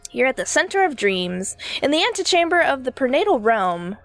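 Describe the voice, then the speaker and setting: A woman's voice: high voice, sing-song, fairly quick, fairly bright tone, soft background music, exaggerated voice. Woman reading a weary, offhand dream wanderer. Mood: matter-of-fact.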